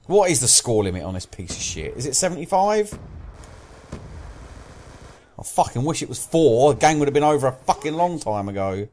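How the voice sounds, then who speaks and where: A man's voice: mid-range voice, very animated, moderate pace, long pauses, darkish tone, a little hiss or hum. A young British man commentating his own gameplay, swearing constantly and raging at other players. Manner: swears constantly, rages at teammates and enemies. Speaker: gaming commentator.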